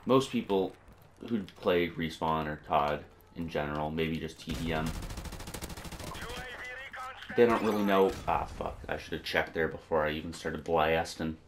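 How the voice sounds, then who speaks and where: Young guy with a cold, stuffy nose, deep low voice, cussing a lot over gameplay, bit of hiss behind. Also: normal speed. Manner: profane, irritated, rambling. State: congested with a cold. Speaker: gaming video creator. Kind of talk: casual gameplay commentary.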